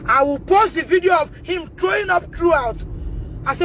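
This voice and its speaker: A Nigerian woman with a Nigerian English accent, speaking out on a phone livestream, emotional and repetitive, rising to shouts and tearful at times. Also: very high voice, fairly quick, a little hiss or hum, poor audio. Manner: emotional, repeats herself, rises to shouting. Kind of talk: impassioned livestream testimony.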